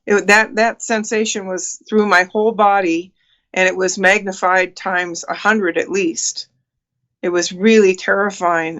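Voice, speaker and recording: A woman's voice: on the low side, a bit bright. Earnest woman in her sixties telling her story. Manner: earnest, vivid retelling with many fillers. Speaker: guest. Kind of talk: telling a personal story in an interview.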